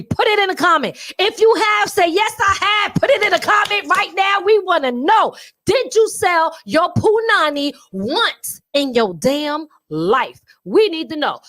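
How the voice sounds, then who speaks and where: A woman co-hosting a podcast in casual chat, animated and playful, often breaking into laughter. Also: high voice. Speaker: co-host of a podcast. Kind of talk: casual chat to a live audience.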